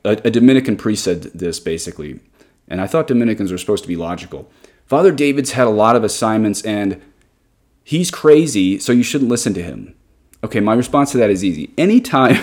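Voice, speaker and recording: Priest in his 30s, low and mellow, reads the catechism and then argues his points with emphasis. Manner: emphatic, argumentative. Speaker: Catholic priest. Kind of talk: catechism reading with commentary.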